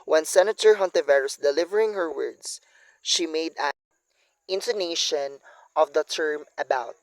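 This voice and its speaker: A man's voice: fairly high pitch, moderate pace, dry recording, low-quality recording. A young man, carefully reading a prepared academic analysis as a student presenter, with small slips along the way.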